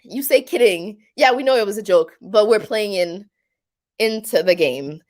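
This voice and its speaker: A woman's voice: mid-range voice, expressive, normal speed, darkish tone. A woman with a Québécois French accent hosting a casual live stream, chatty and rambling, with many fillers. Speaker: live stream host reading viewer comments.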